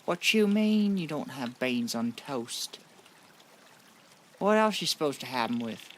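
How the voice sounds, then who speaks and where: A man doing a put-on British bloke, slow and indignant. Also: mid-range voice, big pitch swings, a bit bright, a little hiss or hum. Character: indignant British man fussing about breakfast.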